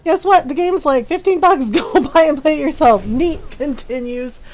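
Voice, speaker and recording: A woman's voice: sits high, moderate pace. A middle-aged woman streaming a game, telling stories in a casual, laughing, playfully petty way. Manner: laughing, petty, animated storytelling. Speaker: livestreamer.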